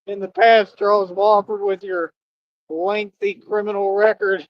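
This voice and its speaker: A man's voice: high voice, little pitch movement, unhurried, lo-fi sound, noisy background. A man hosting a casual livestream, laid-back and teasing, repeating his phrases and laughing often. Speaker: livestream host.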